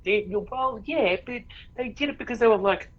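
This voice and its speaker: A man's voice: very high-pitched, moderate pace, dull audio. An Australian man co-hosting a podcast, teasing and sarcastic in casual banter. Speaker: podcast co-host. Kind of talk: casual chat.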